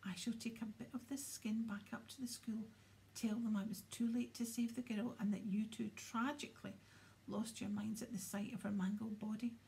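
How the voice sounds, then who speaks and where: A woman's voice: on the high side, level tone, normal speed, vocal fry, darkish tone, a little hiss or hum, rough recording. A woman voicing a vain, treacherous grown wizard, smug and self-satisfied, in a storybook reading.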